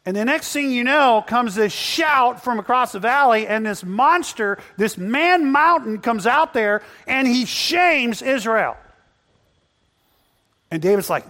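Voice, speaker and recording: Animated high-voiced male preacher. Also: unhurried, long reverb tail. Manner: animated storytelling, acting out biblical characters, swings between loud and hushed. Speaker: pastor. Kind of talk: sermon. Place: church building before a congregation.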